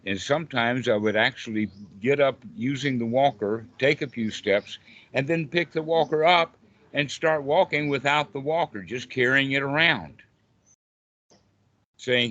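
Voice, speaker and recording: An older man giving an unhurried, reassuring talk as a Buddhist meditation teacher. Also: medium pitch, a bit bright, muffled recording. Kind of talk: informal dharma talk.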